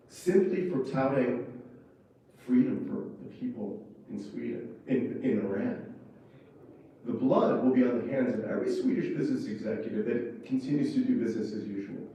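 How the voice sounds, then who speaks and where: A man's voice: mid-range voice, normal speed, warm tone. A man, a former ambassador, giving an impassioned and emphatic conference speech. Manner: fervent, worked up, emphatic. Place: conference room. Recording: echoey hall from far off.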